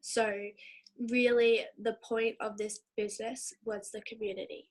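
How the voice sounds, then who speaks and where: A woman guest speaks in a hesitant, halting way. Her voice stays level and flat in pitch, and her tone is easygoing and casual. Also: low-quality recording. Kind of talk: casual chat.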